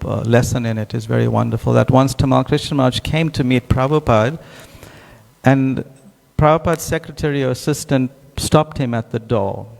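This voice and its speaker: A man's voice: mid-range voice, vocal fry, darkish tone. A man giving a devotional scripture class, telling stories with many restarts and asides, recorded with a long hall reverb. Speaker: class speaker.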